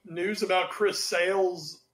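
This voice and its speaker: A man co-hosting a sports podcast, talking in animated, rambling casual chat and swearing freely. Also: high voice, takes it slowly. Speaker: podcast co-host. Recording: roomy echo.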